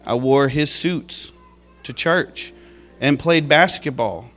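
A man's voice: medium pitch, slow pace, a bit bright, soft background music. A man giving an emotional church testimony, heartfelt and at times tearful, laughing at his own past.

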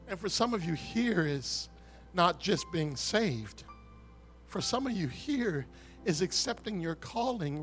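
This high-voiced male pastor preaches a sermon that ends in an altar call. He swings between shouted fervor and hushed, intimate words.

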